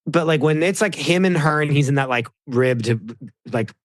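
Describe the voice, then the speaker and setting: A man's voice: a little high, moderate pace, no room sound, clean studio sound. A man chatting casually as a podcast guest, rambling with many "like"s and acting out what others said. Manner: rambling, heavy use of "like", animated quoting of others. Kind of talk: casual chat.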